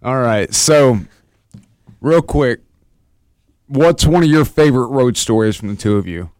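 A man hosting a podcast, asking his guests relaxed questions. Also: medium pitch, measured pace, smooth, no echo, clean studio sound. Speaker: podcast host.

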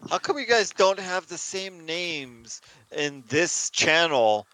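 A young man guest on a podcast, short on sleep, talking in an animated way and swearing. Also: on the high side, slow, no echo, rough recording. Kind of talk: casual chat.

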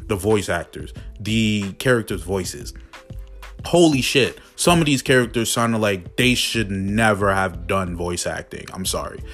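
A man's voice: on the low side, a bit bright. A man reviewing a show in a casual, profane, exasperated rant full of fillers, with faint music behind him. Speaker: video reviewer.

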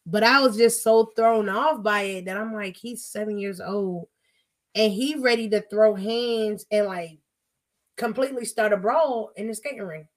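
A young woman co-hosting a podcast, telling stories in a profane, animated casual chat. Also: medium pitch, normal speed.

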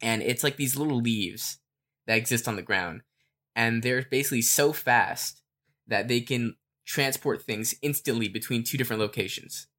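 A man co-hosting a podcast, talking through fan theories in a relaxed, rambling way with lots of fillers. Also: medium pitch, moderate pace. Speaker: podcast co-host. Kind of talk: casual fan theory chat.

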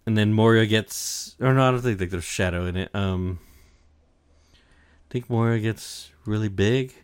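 A young man co-hosting a podcast casually retells an anime arc, his voice clean, fairly low, and a touch slow. It's a rambling, profane recap packed with fillers and quoted lines delivered in character voices.

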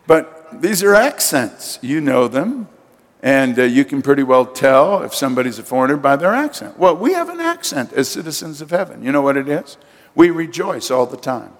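A man's voice: medium pitch, big pitch swings, moderate pace. An older man preaching a sermon as pastor, emphatic and calling on his congregation to respond. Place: church sanctuary. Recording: long hall reverb.

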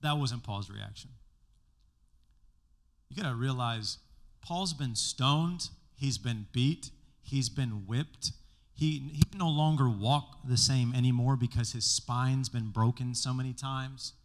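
A man's voice: mid-range voice, unhurried. A man preaching a sermon as pastor to a congregation in a church room, in a casual, joking way with slang.

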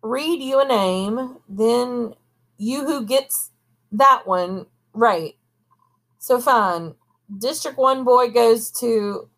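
A woman voicing a drugged older male academy dean who slurs and mumbles his words slowly. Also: fairly high pitch, big pitch swings, creaky, bright, forceful tone, heavily acted. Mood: slurring. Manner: mumbling, halting, slow.

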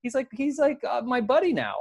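A man co-hosting a podcast, telling stories in casual chat, animated and full of swearing. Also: very high voice, a little fast, vocal fry. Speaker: podcast co-host.

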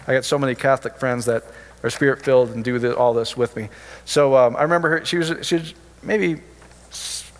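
Chatty preacher man with lively jokes. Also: fairly high pitch, long reverb tail. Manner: chatty storytelling, jokey asides. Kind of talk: informal sermon with testimonies.

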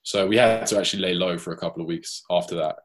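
A man with a British accent, a guest telling a lively anecdote in casual chat and acting out the quoted lines. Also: low voice, fast talker. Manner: lively anecdote, acts out his own and others' quoted lines. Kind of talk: casual storytelling.

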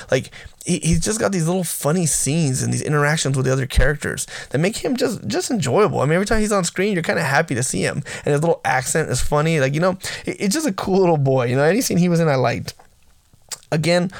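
Guy chatting about a movie he just saw, gravelly voice kinda high, lots of "you know" and restarts, laughs a lot. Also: dry recording, studio quality. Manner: enthusiastic, rambling with frequent restarts and fillers; laughs often while talking. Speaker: movie reviewer. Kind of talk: casual spoken film review.

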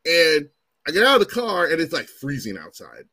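A man in his forties, pitched slightly high for a man, tells stories in casual chat with a loose, profane, ranting style. His husky voice leaps up and down as he animatedly acts out others' quotes in raised voices, at a moderate pace. The sound is dry and close, with no echo or room to it.

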